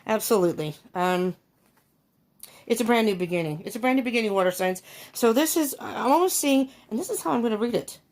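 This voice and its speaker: A woman's voice: on the high side, animated, brisk, a little mellow. A woman giving a casual tarot reading to her viewers, thinking aloud with many ums and laughing often. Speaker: tarot reader.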